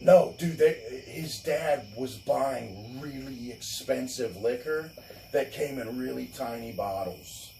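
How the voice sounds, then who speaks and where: A man's voice: mid-range voice, takes it slowly, creaky, dark tone. A man telling a long story in casual chat, cursing, laughing, and acting out the voices of the people in it. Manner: swearing, laughing, acts out voices in his story. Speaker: co-host. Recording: echoey room, far from the mic, faint noise.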